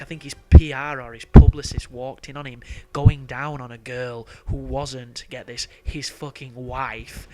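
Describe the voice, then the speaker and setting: Young man rambling over gameplay. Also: mid-range voice. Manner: rambling, profane, laughs often. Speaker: gameplay commentator. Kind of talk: casual gameplay commentary.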